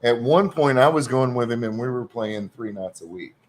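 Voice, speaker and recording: A man with a Texan accent hosting a casual stream chat, rambling with many pauses. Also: mid-range voice, lively intonation. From Texas. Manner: rambling, hesitant with fillers. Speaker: stream host.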